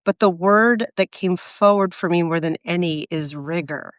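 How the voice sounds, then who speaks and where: A woman's voice: lowish voice, moderate pace, dry recording, studio quality. A woman in her forties in casual, reflective chat, rambling with many fillers and restarts. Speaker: co-host of a live video chat.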